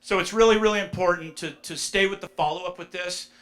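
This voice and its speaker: A man speaking to a live conference audience about real estate, energetic and storytelling, addressing the room directly. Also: high-pitched, fairly quick, slight background noise.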